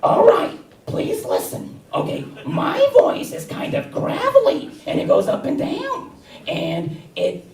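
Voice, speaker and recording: A male comedian doing an impression of a famous cartoon mother with a gravelly voice that rises and falls. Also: very high voice, huge pitch swings, takes it slowly, darkish tone, pitched above the performer's own voice, exaggerated voice. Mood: chirpy. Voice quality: gravelly voice that swoops up and down. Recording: roomy theater sound, distant mic.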